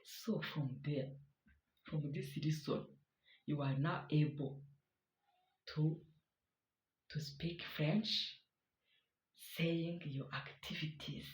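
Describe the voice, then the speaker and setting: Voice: mid-range voice, slow pace, pauses often, echoey room. A language teacher giving a spoken lesson, speaking in an encouraging way and often checking in with learners.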